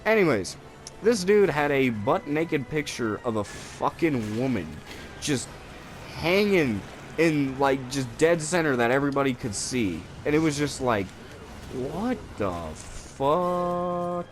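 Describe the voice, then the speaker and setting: Over faint background music, a young male co-host of a gaming video talks at medium pitch, a little slowly. He tells casual, rambling stories as he plays, swearing plenty and raising his voice when quoting people.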